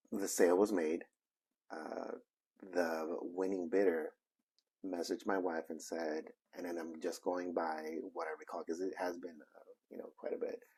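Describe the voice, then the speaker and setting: A man casually telling a story from his reselling business, rambling and halting with many fillers and restarts. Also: sits low, a little mellow, husky. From Arizona, United States.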